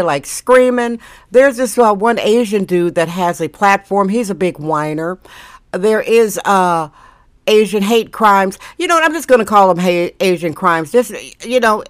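A middle-aged woman hosting her own daily talk show, ranting bluntly with sarcastic asides. Her voice sits at an ordinary pitch for a woman. The recording is dry and close, with no room sound. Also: no echo. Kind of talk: casual opinionated monologue.

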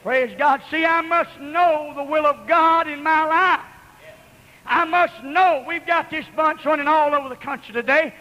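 A male preacher with a strikingly high, bright, piercing voice, hammering out repeated lines in a fiery revival sermon. He shouts in a rhythmic, chanting cadence. The church sound trails off in a long hall reverb. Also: measured pace, muffled recording.

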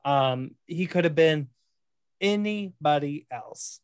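A podcast co-host in casual chat, opinionated and animated, with many fillers like "you know" and "um". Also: medium pitch, takes it slowly, clean tone, no room sound.

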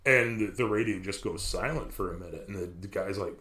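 A man with a fairly low voice spins a creepy story as casual podcast talk. He rambles, swears freely and keeps restarting his sentences as he goes. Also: fairly quick, sharp tone. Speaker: podcast host telling a story.

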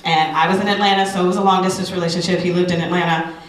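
A woman's voice: fairly low pitch, racing, recorded from a distance. Woman speaking in a roomy hall. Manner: candid, animated storytelling with audience asides. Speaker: speaker at a talk, radio personality. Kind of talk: personal testimony talk to an audience.

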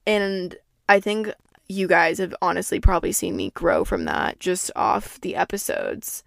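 A woman's voice: on the low side, big pitch swings, unhurried, creaky, no echo. A young adult woman hosting a podcast in casual solo chat, rambling, swearing freely and speaking candidly. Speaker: podcast host.

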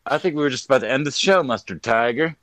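A man's voice: mid-range voice, animated, quick pace, fairly bright tone, dry recording. A man co-hosting a podcast, talking in a crude, joking, self-mocking casual chat. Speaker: podcast co-host.

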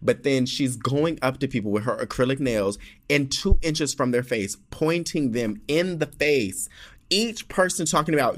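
Casual solo podcast host, a man, mid pitch, filler-heavy storytelling. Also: animated, normal speed. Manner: chatty, rambling with fillers, laughs often.

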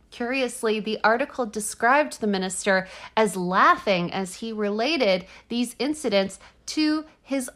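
A woman co-hosting a podcast in a loose, joking way. Her voice is bright and a little high. She laughs easily, curses casually and stumbles cheerfully when she reads aloud. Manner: laughs often, swears casually, stumbles while reading. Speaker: podcast co-host. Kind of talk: casual chat and reading aloud.

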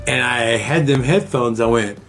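A man's voice: mid-range voice, normal speed, fairly bright tone, soft background music. A man in casual chat, telling crude stories with lots of swearing and laughter. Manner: profane, laughing storyteller.

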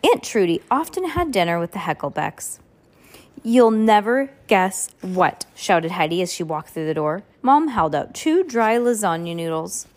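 A woman's voice: lowish voice, sing-song, normal speed, few pauses. Woman reading a children's book aloud. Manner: casual, chatty asides between narration. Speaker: reader.

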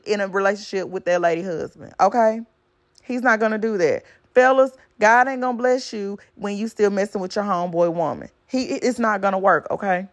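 A woman with talks straight to her listeners, blunt and preachy, with swearing woven through her advice. She hammers each point home with a repeated "okay?" in a casual podcast monologue. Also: mid-range voice. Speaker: podcast host. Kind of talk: casual motivational talk.

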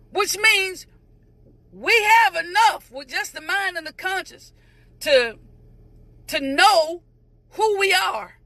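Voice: very high-pitched, vocal fry, bright, forceful tone, dry recording. A preacher giving a morning devotional sermon, greeting viewers by name and repeating phrases emphatically in a sing-song cadence.

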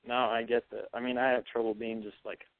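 A teenage young man calling in to a radio show, hesitant and halting, from New Mexico. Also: medium pitch, level tone, no room sound. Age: teens. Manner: hesitant, halting, full of fillers. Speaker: caller. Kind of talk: phone call to a radio show. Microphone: phone. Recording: tinny phone line, dry.

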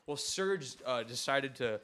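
A young man in casual conversation, telling stories in an animated way, laughing often and acting out what people said. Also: mid-range voice, a little slow, slight background noise. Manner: animated storyteller, laughs a lot, acts out quotes loudly. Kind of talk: casual chat.

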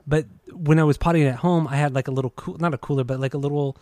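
A man's voice: a little high, fairly even intonation, fast, a little mellow, dry recording. A man co-hosting a casual music podcast, laid-back and swearing freely in conversation. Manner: laid-back, profane, laughing easily. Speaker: podcast co-host.

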